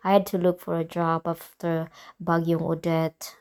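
A young Filipino woman with a mix of American and British in her accent, hosting a personal solo podcast and talking candidly and emotionally, often halting and restarting. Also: on the low side, level tone, darkish tone, clear, resonant tone. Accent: Filipino, mixed with American and British. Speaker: podcast host.

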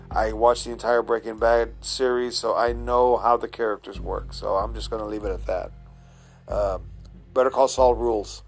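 A man talking casually on his own, meandering from point to point with lots of restarts and pauses to search for words. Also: mid-range voice. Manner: meandering, chatty, frequent uh fillers and restarts. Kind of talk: casual rambling monologue.

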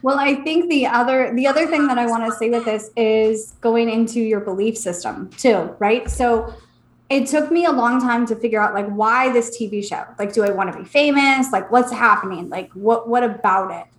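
A woman's voice: a little high, moderate pace, echoey room. A woman co-hosting a casual podcast, telling a personal story with emotion and many "like" fillers, close to tears. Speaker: podcast co-host, psychic.

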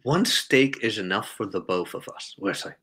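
A young man chatting casually, an animated storyteller who laughs often and acts out quotes. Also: on the low side, moderate pace, slightly rough. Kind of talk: casual chat.

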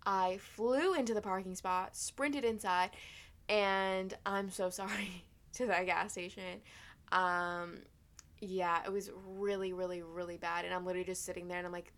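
A woman in her twenties, a vlogger telling a story in a casual, animated and profane way, full of fillers. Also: lowish voice, moderate pace. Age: 20s.

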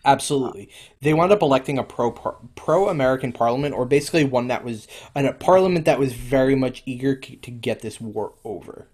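A man's voice: mid-range voice, a little fast, darkish tone, breathy edge. A man co-hosting a casual history podcast, rambling with many fillers and restarts. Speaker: podcast co-host.

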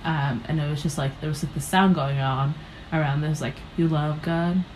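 Low-voiced young woman telling stories casually. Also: fairly even intonation, a little fast, slight background noise, low-quality recording. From United States. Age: young adult. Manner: rambling, filler-heavy, acts out her own past reactions. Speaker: guest, comedian. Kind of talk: casual interview storytelling.

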